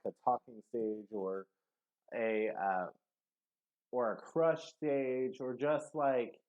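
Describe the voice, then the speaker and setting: A man giving a casual tarot reading to camera, rambling and hesitant, with many fillers. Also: on the low side. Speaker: tarot reader.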